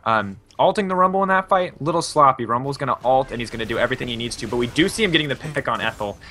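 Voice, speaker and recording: A man doing color commentary on a live esports match, talking quickly in a bright, forceful voice. He breaks down decisions and mistakes analytically, with casual fillers between his points. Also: medium pitch, expressive, slight background noise. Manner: analytical, with frequent um and you know.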